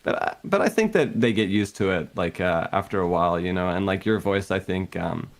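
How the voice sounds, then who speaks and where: A man's voice: low-pitched, expressive, fairly quick, creaky. A man chatting casually as a guest, rambling with many fillers, on a close desk mic. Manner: warm, rambling and full of fillers. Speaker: guest streamer. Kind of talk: casual chat.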